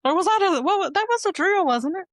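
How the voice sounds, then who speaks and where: A woman's voice: extremely high pitch, lively intonation, fast, dry recording, clean studio sound. A young woman co-hosting a podcast in casual chat, laughing and correcting her partner's stories. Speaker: podcast co-host.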